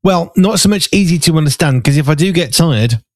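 A man's voice: on the high side, animated, a little fast, darkish tone, no echo. Rambling Black Country man, dry sound. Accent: Black Country English. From Black Country, England. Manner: rambling, self-mocking, jokey asides. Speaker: radio show host. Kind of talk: chatty radio talk between songs.

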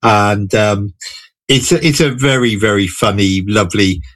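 A man talking enthusiastically about films on the radio, casual and chatty with a few halting restarts. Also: lowish voice, a bit bright, no room sound. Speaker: film reviewer. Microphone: studio microphone.

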